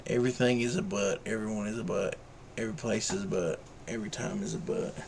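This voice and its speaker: A man with a low voice full of gravelly fry rambles through a casual vlog chat, drifting between rants and drawled asides. Faint background noise sits under his voice. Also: fairly even intonation, fast talker. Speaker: vlogger.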